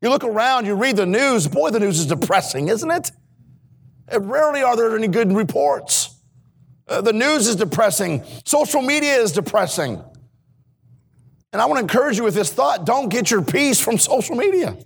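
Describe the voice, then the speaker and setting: A male missionary preaching in a church, his voice pitched high with a gravelly edge. He moves between quiet, earnest moments and emphatic, raised passages, speaking straight to the congregation. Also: sing-song, moderate pace. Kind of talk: sermon. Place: church sanctuary.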